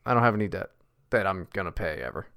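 A man's voice: low voice, expressive, quick pace, fairly bright tone, no room sound. A man co-hosting a podcast, talking bluntly and profanely, mocking and ranting in casual chat. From West Virginia. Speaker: podcast co-host.

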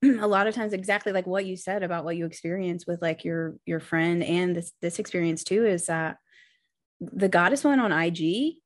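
An effusive woman co-hosting a podcast, quick to agree and gush. Her voice sits at a middle pitch in relaxed conversation. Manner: enthusiastic, effusive, quick affirmations. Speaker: podcast co-host. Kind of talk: casual chat.

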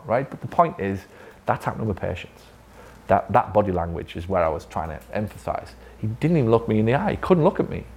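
A man's voice: lowish voice, sing-song, brisk, gravelly, darkish tone. A man training clinic staff in a casual talk, swearing freely and acting out conversations. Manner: blunt, swears freely, acts out dialogue. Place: physiotherapy clinic room, with staff.

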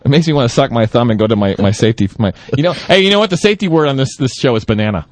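A man's voice: medium pitch, expressive, rapid-fire, no room sound. A man hosting a live talk radio show from a studio mic, playful and teasing, laughing often as he banters with guests. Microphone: studio broadcast mic.

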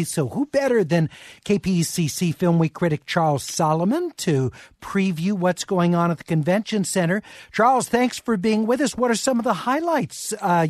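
A man hosting a radio film review show, reading plugs and listings briskly. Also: high voice, darkish tone, no echo. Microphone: studio microphone.

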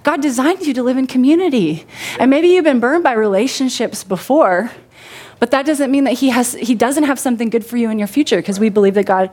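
A woman preaching a sermon with a voice pitched a little high. She talks in a lively, chatty way, keeps checking in with her listeners and laughs often. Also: fairly quick. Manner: lively, asks the congregation questions and laughs often.

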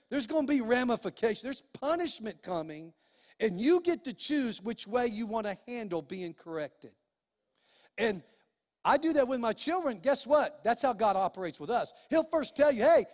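A man's voice: extremely high pitch, big-room sound. A middle-aged male pastor preaching a sermon in a folksy, emphatic way, full of restarts and quoted asides.

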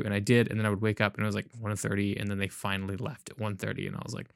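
A man's voice: on the low side, level tone, very fast, gravelly, hardly any pauses, no room sound, studio quality. A young man in casual chat, telling a rambling story in a drowsy way.

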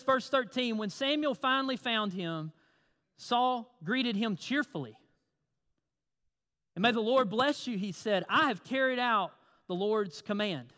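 A man's voice: extremely high pitch, bright, forceful tone. A man preaching a sermon in a conversational way, asking the congregation questions and reading scripture aloud. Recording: long hall reverb.

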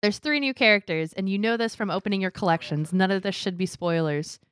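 A young adult woman co-hosting a casual podcast, chatty and animated, telling stories with quoted voices. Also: medium pitch, fairly quick, clean tone, no echo, studio quality. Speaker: podcast co-host. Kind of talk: casual chat.

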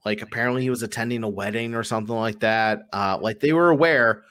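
A man co-hosting a podcast, chatting casually about sports with many fillers, getting animated when he tells a story. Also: on the low side, fast talker. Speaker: podcast co-host.

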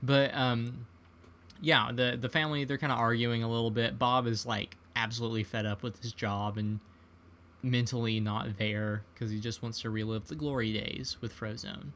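A man's voice: mid-range voice, steady tone, moderate pace, fairly bright tone, a little hiss or hum. A man in casual conversation, retelling movie scenes in a laid-back way. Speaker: podcast co-host. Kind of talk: casual film discussion.

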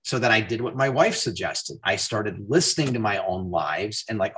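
A podcast host runs a casual interview as an animated storyteller, acting out quoted dialogue. His voice is lowish and his pace moderate, with slight background noise.

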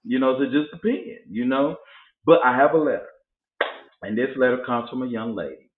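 Speaking a little fast with animation, this podcast host has a medium-pitched voice and stages other people's voices as he tells stories on his casual chat show. The recording sounds tinny and phone-like, with an echoey room and a little hiss or hum.

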